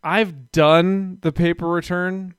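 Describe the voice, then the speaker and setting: A man's voice: high-pitched, level tone, slow pace, clear, resonant tone, dry recording. A man chatting casually on a podcast, rambling and self-deprecating as he talks. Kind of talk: casual chat.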